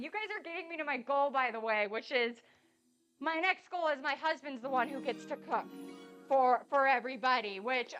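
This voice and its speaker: A woman's voice: sits high, bright, forceful tone. A woman hosting a casual cooking live stream from her home kitchen, bubbly and effusive, thanking her viewers again and again.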